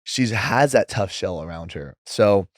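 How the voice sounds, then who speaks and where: A young man talking as a podcast guest in a rambling, casual way, saying "like" a lot and quoting others in lively voices. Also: lowish voice, measured pace, no echo, clean studio sound. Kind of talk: casual interview chat.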